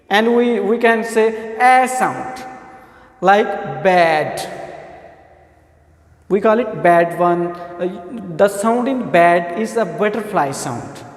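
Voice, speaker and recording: A male teacher with a Punjabi accent walks through sounds one at a time, repeating each example word. His voice sits high and his delivery is slow and patient. The recording has a roomy echo with a long hall-like tail. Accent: Punjabi-accented English. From Pakistan. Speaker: English teacher. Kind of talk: spoken pronunciation lesson. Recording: echoey room with long reverb.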